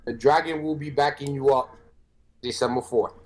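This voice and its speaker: A man on a casual panel chat, excitable and breaking into laughs. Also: mid-range voice, moderate pace.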